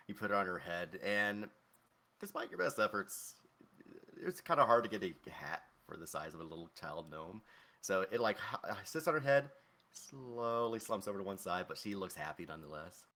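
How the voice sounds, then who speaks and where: Guy with a super deep voice, chill narrating his turn. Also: expressive, normal speed, pushed and bright. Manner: casual, loose, with fillers. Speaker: player. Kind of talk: tabletop game narration.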